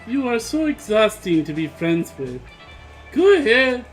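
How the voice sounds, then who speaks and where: A man's voice: high-pitched, big pitch swings, measured pace, faint music behind, low-quality recording. A man reading visual novel narration aloud during a casual let's play stream. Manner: casual reading with slips and chuckles. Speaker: game player reading narration.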